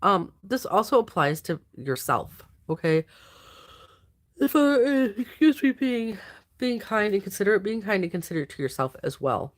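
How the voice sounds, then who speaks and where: A drowsy woman talks through a weekly tarot spread in a loose, wandering way. She drifts between thoughts and leans on fillers. Her delivery is informal and unhurried. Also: mid-range voice, big pitch swings. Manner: rambling, loose, many fillers and trailing thoughts. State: sleepy, yawning. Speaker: tarot card reader. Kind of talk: casual weekly tarot reading.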